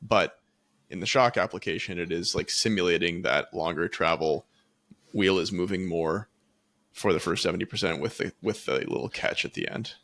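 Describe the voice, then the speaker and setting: Man, low voice, bright forceful tone, casual podcast explainer, restarts often. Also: normal speed. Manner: explanatory, stumbles into restarts, laughs easily. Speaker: podcast co-host.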